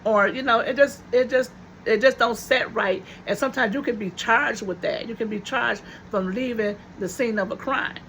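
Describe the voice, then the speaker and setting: A woman's voice: a little high, moderate pace, fairly bright tone, a little hiss or hum. A woman vlogger telling viewers a personal story in a casual, chatty way, repeating her phrases for emphasis.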